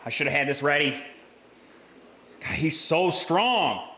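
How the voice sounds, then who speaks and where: Excitable man with a lively voice. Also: on the high side, a little slow, roomy sound, a little hiss or hum. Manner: excitable, exclaiming, repeats himself. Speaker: fish-keeping vlogger. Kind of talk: excited hands-on vlog commentary. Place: indoors by a large fish tank. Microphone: camera mic, handheld.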